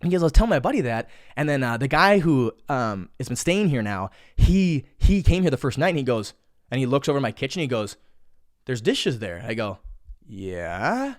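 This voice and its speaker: A man's voice: mid-range voice, animated, fairly quick, dry recording, studio quality. A young man hosting a casual solo podcast, rambling with lots of swearing, repeated words and restarts. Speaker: podcast host. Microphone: studio mic.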